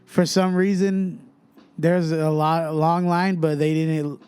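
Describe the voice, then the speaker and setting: Rapper from Fresno telling a story. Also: male voice, fairly high pitch, slow pace, clear, resonant tone, no room sound. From Fresno, California. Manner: animated storyteller who acts out other people's voices. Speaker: rapper guest. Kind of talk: casual storytelling chat.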